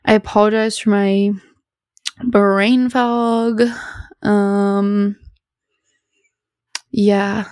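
A woman's voice: medium pitch, little pitch movement, slow pace, vocal fry, no room sound, clean studio sound. A young woman hosting a podcast at home, chatting casually in a rambling, bubbly, self-deprecating way. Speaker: podcast host. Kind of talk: casual solo chat.

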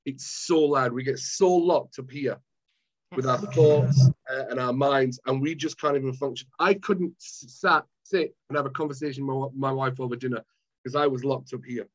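A man's voice: medium pitch, moderate pace, muffled recording. A Scottish man, a mind management coach, chatting as a guest and acting out scenes from his own story. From Scotland. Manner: animated storyteller acting out his past self. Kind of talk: casual chat.

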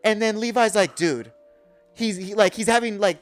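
A man on a podcast excitedly recapping an anime episode, swearing a lot and acting out characters' lines in a lower voice. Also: a little fast. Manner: profane, acts out character lines in a low voice. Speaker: podcast co-host.

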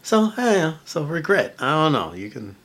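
A man's voice: on the high side, big pitch swings, moderate pace, a bit bright. A man chatting as a podcast guest, rambling loosely and packing his talk with filler words. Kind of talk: casual chat.

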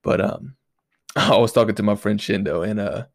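A man's voice: fairly low pitch, normal speed, gravelly, no echo, clean studio sound. A man hosting a casual solo talk, his voice nasal and stuffed up from allergies, laid-back and rambling with profane slang.

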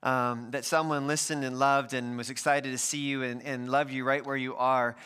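A man's voice: mid-range voice, level tone, moderate pace, sharp tone, clear, resonant tone. A man preaching as pastor in a friendly, conversational way, addressing the congregation directly. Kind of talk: sermon.

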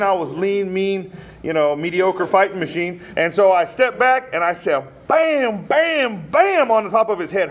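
A male pastor from Montana preaching a sermon in a church, telling stories with frequent fillers and restarts. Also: high-pitched. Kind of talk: sermon at an ordination ceremony. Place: church sanctuary. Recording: dull lo-fi church recording.

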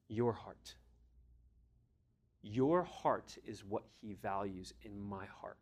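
A man preaching a sermon, emphatic, swinging between loud exhortation and hushed, near-whispered lines. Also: fairly low pitch, big pitch swings, takes it slowly.

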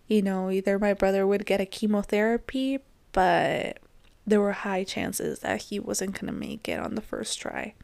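A woman in her twenties telling a personal story on her podcast, reflective and gently hesitant. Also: medium pitch, gravelly, no room sound. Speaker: podcast host.

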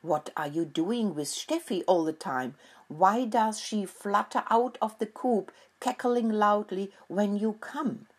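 A woman's voice: mid-range voice, slow, slightly rough, pitched above the performer's own voice. A woman voicing a fussy father mouse. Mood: scolding.

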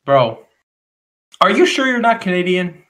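A laid-back podcast co-host who teases his friend and laughs a lot. His voice is high and bright. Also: very animated, unhurried. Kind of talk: casual chat.

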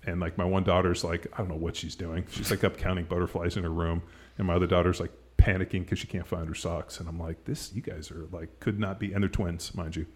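With a low pitch that barely moves, a middle-aged podcast host chats at a quick pace. He rambles casually, sprinkling in plenty of "like" and "you know," and laughs easily.

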